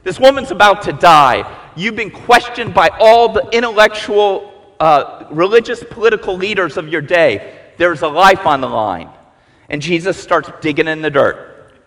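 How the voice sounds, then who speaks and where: A male preacher giving a sermon as animated storytelling, acting out the voices of the people in his story. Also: high voice, normal speed. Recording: long reverb in a large hall.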